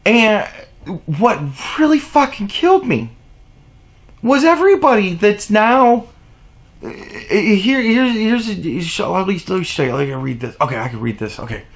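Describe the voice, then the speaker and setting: A man's voice: sits high, animated, measured pace. A man delivering an exasperated, profane opinion rant on his vlog, with sarcastic asides. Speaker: vlogger.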